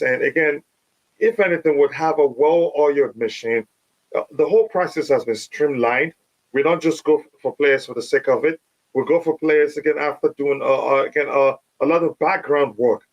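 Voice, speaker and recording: A man hosts a casual live stream chat with a slightly high voice. He is losing his voice and talks haltingly, full of fillers and restarts. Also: low-quality recording. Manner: hesitant, many fillers and restarts. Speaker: host.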